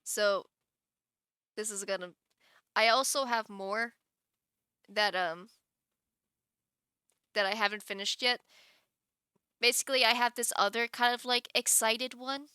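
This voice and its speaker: A woman's voice: fairly high pitch, fairly even intonation, unhurried, pauses often, bright, forceful tone, clear, resonant tone, no echo, studio quality. A woman streamer chatting casually on a live stream, giggling often and rambling with many restarts.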